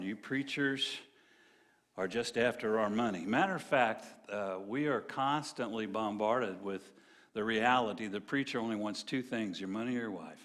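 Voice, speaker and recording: A middle-aged man preaching as a guest preacher, telling folksy jokes and dropping low and quiet for serious points. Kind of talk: sermon with jokes.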